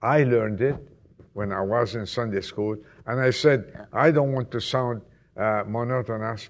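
Preacher, male, reflective storytelling delivery, deliberate tempo, rough fry in the voice. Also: on the low side. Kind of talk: sermon. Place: church.

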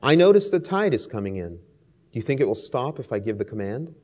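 A man playing a booming stubborn king. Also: sing-song, brisk, darkish tone, close to an everyday voice. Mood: calm. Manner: commanding, booming royal decrees. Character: proud male king, commanding and stubborn.

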